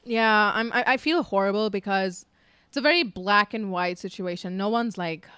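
A woman's voice: mid-range voice, moderate pace, pushed and bright, clear, resonant tone, no room sound. A woman in her twenties chatting casually, full of fillers and the odd swear. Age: 20s. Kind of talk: casual chat.

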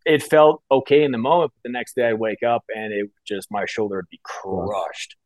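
A man's voice: lowish voice, fairly even intonation, normal speed, a little mellow, dry recording. A man co-hosting a podcast, chatting casually and rambling through a personal story with lots of filler words. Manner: casual, rambling, many fillers like "you know" and "like". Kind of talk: casual chat.

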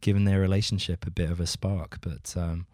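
Film podcast co-host, English man, very low voice, halting and dry. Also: level tone, warm tone, no echo. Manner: hesitant, dry humor, many fillers. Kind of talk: casual film discussion.

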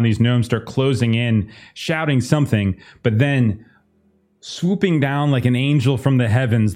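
A man's voice: mid-range voice, darkish tone. A man running a tabletop game as game master, narrating loosely with many fillers.

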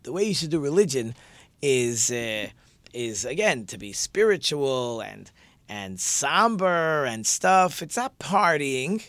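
A man's voice: mid-range voice, big pitch swings, takes it slowly, fairly bright tone, no room sound. A male teacher giving a conversational religious lesson and posing rhetorical questions to his listeners.

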